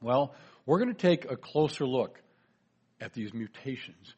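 Husky man giving a folksy talk. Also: medium pitch, lively intonation, a little slow, mellow, muffled recording. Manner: chatty, folksy, jokes to the audience. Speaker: lecturer. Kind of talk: presentation lecture with humor.

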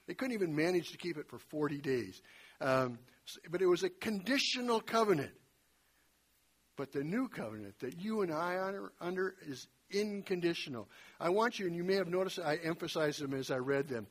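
A man preaching a sermon in a conversational way, retelling scripture with lively folksy asides and a slightly husky voice. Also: fairly high pitch, moderate pace.

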